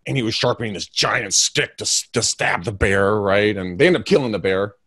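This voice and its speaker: Male interview guest, low voice, dry close sound, emphatic and rambling, gets louder when fired up. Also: moderate pace, no echo. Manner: energetic, rambling, emphatic, with self-mocking asides. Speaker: realtor and podcast co-host, interview guest. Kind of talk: candid interview storytelling.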